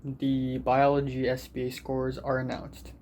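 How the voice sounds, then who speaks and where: A man's voice: mid-range voice, completely flat delivery, unhurried, darkish tone, a little hiss or hum. Angry, swearing teenage boy ranting. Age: teens. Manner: angry, profane, self-deprecating venting. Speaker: student vlogger. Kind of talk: ranting vlog.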